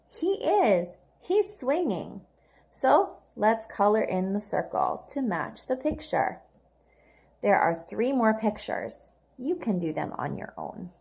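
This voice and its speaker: A woman's voice: medium pitch, creaky, a little mellow. A woman teaching English to young learners in a recorded homework lesson, patiently modeling each word twice for the children to repeat.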